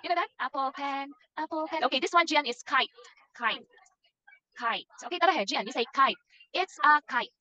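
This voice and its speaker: Seorang wanita guru bahasa Inggris daring, dengan sabar mengeja kata huruf demi huruf dan mengulanginya untuk seorang anak kecil, suara kering lewat mikrofon panggilan video. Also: female voice, high-pitched, moderate pace, pushed and bright, no room sound, poor audio. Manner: patient, spells words out letter by letter and repeats them. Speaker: online English teacher. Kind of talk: phonics lesson with a young child.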